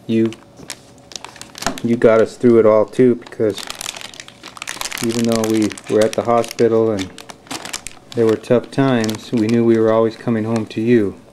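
A man's voice: on the low side, flat delivery, measured pace, pauses often, mellow, slight background noise. A father filming a home video at home on a handheld camcorder, talking earnestly and calling to his toddler in a coaxing sing-song. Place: family home, indoors.

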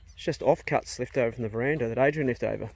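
A man's voice: mid-range voice, quick pace, gravelly. A New man, chatting casually and joking while building a garden in a glasshouse. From New Zealand. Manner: relaxed, joking, swears casually. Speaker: channel host.

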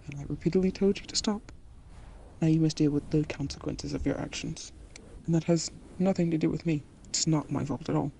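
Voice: medium pitch, gravelly, dark tone, slight background noise, lightly acted. A voice actor in an audio role-play, playing a patient, teasing partner who calls the listener darling.

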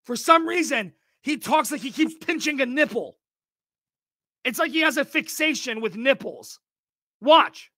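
A man reacting to video clips, talking loudly, swearing and mocking what he watches. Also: lively intonation, measured pace, dry recording, clean studio sound. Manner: loud, swearing, mocking, jumps in pitch. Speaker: reaction streamer. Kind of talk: profane reaction commentary.

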